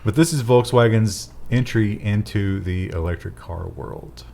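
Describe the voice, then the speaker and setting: A man's voice: lowish voice, measured pace, vocal fry, darkish tone, slight background noise. A man hosting a casual tech news chat, with dry and wry asides.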